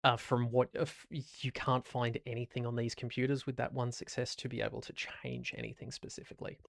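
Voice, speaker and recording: A man narrating as game master for a tabletop game, with an easygoing, descriptive manner and quick asides. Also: medium pitch, gravelly, no room sound, studio quality.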